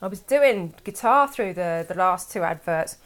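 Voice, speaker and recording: A woman's voice: lowish voice, animated, moderate pace, fairly bright tone. A woman from England chatting casually on a live stream from home, rambling and reading chat aloud.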